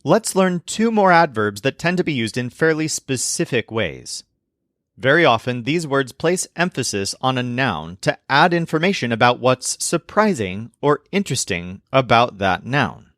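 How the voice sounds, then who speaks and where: A man teaching a language lesson in a clear, explanatory manner, slowing down for each example phrase. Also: mid-range voice, big pitch swings, a bit bright, dry recording, clean studio sound. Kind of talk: scripted lesson narration.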